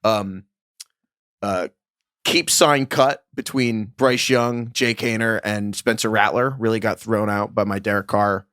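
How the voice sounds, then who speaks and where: A man's voice: on the low side, fairly even intonation, measured pace, a bit bright, no room sound, studio quality. A man co-hosting a fantasy football podcast, joking and riffing in casual chat. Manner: jokey, riffing, frequent restarts. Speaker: podcast co-host.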